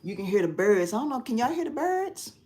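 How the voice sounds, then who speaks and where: A middle-aged woman chatting casually on a phone live stream from a quiet room at home, expressive and quick to laugh. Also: a little high. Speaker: craft channel host. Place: quiet spare bedroom at home.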